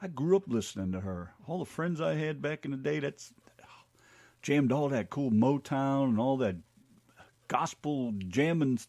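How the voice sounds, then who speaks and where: A man's voice: mid-range voice, measured pace. Hyped-up man hosting radio. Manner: energetic, hyped-up and joking. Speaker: radio show host. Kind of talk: casual radio banter.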